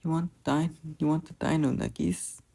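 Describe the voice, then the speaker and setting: A fan fiction reader voicing a gentle, doting teenage older brother who talks in a soft, coaxing way. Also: mid-range voice, steady tone, normal speed, gravelly, slightly rough. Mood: tender. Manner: soft, coaxing, tender teasing. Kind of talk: fan fiction audiobook reading.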